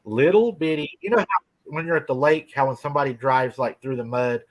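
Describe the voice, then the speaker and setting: A folksy middle-aged man spins a spooky campfire-style tale with an easy drawl. His voice sits at an ordinary pitch and moves at a relaxed, conversational pace. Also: brisk. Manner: folksy, drawling, laughs often. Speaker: guest telling a cryptid encounter. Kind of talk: casual storytelling. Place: rural farm home.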